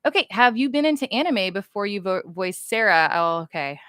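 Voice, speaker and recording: A woman's voice: medium pitch, lively intonation, fairly quick, a bit bright, no room sound, studio quality. A woman from the United States, chatting casually on a livestream with fans, goofy and rambling as she reads chat comments aloud.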